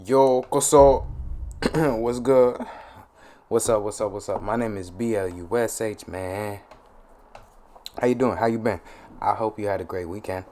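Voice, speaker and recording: A man's voice: lowish voice, moderate pace, long pauses, a little mellow, a little hiss or hum. A man hosting a gaming channel, with laid-back, chatty and joking casual commentary.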